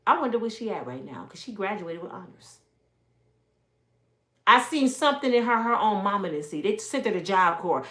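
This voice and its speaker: A woman's voice: mid-range voice, lively intonation, brisk, bright, forceful tone, echoey room. A middle-aged woman giving a casual, emphatic motivational talk to viewers from her home. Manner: emphatic, storytelling, talks straight to viewers. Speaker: motivational speaker. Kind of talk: casual preaching live stream. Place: home, with kids in and out.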